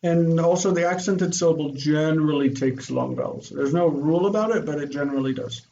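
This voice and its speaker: A man teaching a Biblical Hebrew grammar lesson, explaining patiently and slowing down to spell out word forms. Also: on the high side, vocal fry, warm tone, dull audio, a little hiss or hum.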